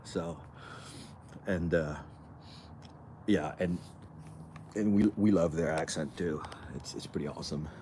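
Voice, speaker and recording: A man from France with a light French accent, chatting casually with viewers in a halting, rambling way, sitting outdoors in the cold after a workout. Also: deep voice, mellow, a little hiss or hum. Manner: rambling, halting, many restarts and fillers. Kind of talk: casual livestream chat with viewers.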